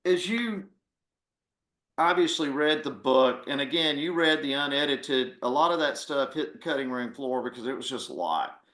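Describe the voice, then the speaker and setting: A man's voice: medium pitch, lively intonation, normal speed, fairly bright tone, reverberant. A man, a former army officer and author, talking earnestly and with feeling in a conversation over a video call. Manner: earnest, heartfelt, voice catching with emotion.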